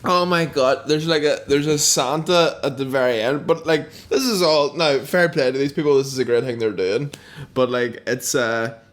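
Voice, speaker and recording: A man's voice: mid-range voice, normal speed. A young man telling rambling, sweary stories in a casual comedy podcast chat. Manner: rambling storytelling, swearing, full of fillers. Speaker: podcast co-host.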